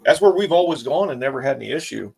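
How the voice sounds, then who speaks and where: A man's voice: mid-range voice, lively intonation, quick pace, creaky, a little mellow, slightly rough. A man in casual chat, mostly listening and adding short agreeing replies and stories of his own. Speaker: co-host.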